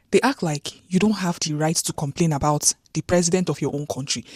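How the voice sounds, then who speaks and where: A woman's voice: fairly low pitch, darkish tone, dry recording, studio quality. A woman from Nigeria, hosting opinion commentary in an earnest, insistent way, firing rhetorical questions. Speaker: commentator host.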